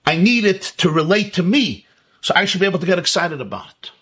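A man teaches in a high, slightly husky voice that swoops up and down with animation. He lectures emphatically, firing off rhetorical questions and repeating his key words. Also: lively intonation, fast, a bit bright. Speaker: Torah teacher. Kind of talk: Hasidic lecture.

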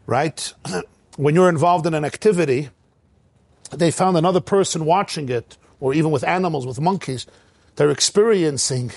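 High-voiced man giving an animated sermon. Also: no room sound. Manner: animated storytelling, acting out quotes.

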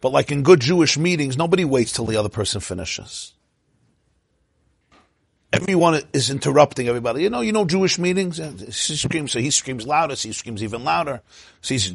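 Guy teaching a torah class, kinda husky, dry close sound, jokey and animated. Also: mid-range voice, brisk, no echo. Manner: animated, acts out inner voices, laughs at own jokes. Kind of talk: informal Torah lecture.

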